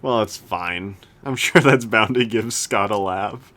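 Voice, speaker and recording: A young man co-hosting a casual podcast chat, rambling with lots of restarts and animated rants. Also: fairly low pitch, measured pace. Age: young adult. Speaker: podcast co-host.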